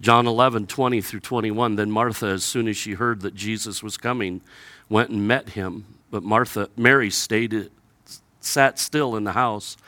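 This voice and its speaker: A male pastor preaching a sermon, animated and acting out the people in the stories with sarcasm, then dropping low and quiet to read scripture. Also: normal speed, dry recording. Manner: animated, acts out biblical characters with sarcasm.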